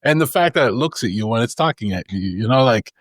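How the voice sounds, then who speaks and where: A man's voice: mid-range voice, lively intonation, quick pace, dry recording, studio quality. A man co-hosting a casual tech podcast, enthusiastic and explaining things step by step. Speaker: podcast co-host.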